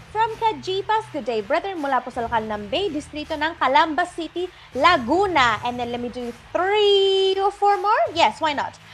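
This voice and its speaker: A woman's voice: high-pitched, a bit bright, a little hiss or hum. A young woman with a Filipino accent co-hosting a live show and reading viewer greetings, bubbly and giggly, switching between English and Tagalog. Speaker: co-host.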